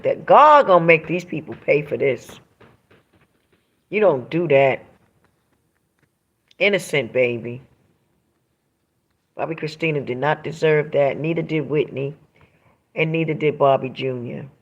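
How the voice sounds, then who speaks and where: A woman's voice: deep voice, animated, unhurried, pauses often, muffled recording. A woman hosting a livestream, reading viewer comments aloud and talking in an emphatic, preachy way that repeats phrases for emphasis. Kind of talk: emotional livestream monologue.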